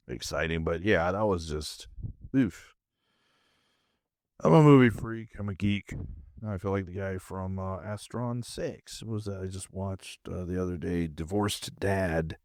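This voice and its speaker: A man's voice: sits low, a little mellow, no echo, studio quality. A man hosting his own podcast from his home movie room, drowsy and half asleep, rambling in a laid-back, meandering way. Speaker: podcast host. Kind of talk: casual rambling monologue.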